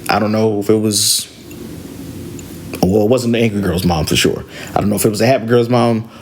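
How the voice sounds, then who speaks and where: A man hosting a podcast, casually telling a story from driving rideshare, animated and full of slang. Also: fairly low pitch, brisk. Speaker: podcast host and rideshare driver.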